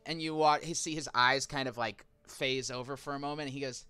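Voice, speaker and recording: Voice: medium pitch, fairly even intonation, a little fast, hardly any pauses, pushed and bright, clear, resonant tone, no echo. A game master narrating a tabletop game in loose, casual talk full of fillers.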